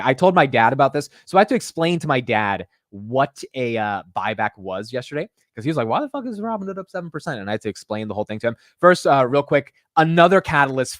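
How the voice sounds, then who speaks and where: A man hosting a live market show, talking stock news in a fast, animated, slangy casual chat full of restarts. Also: mid-range voice, no room sound, clean studio sound. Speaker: host.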